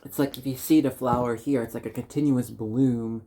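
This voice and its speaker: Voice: medium pitch, fairly even intonation, normal speed, mellow. Chatty, encouraging tarot reader. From Dallas, Texas. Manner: chatty and encouraging, rambling with many fillers. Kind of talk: tarot reading for viewers.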